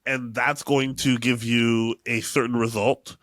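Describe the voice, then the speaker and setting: A man's voice: medium pitch, level tone, unhurried, a bit bright, dry recording. Guy hosting a podcast, chill chatty delivery, medium voice, dead dry sound. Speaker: podcast host. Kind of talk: casual chat.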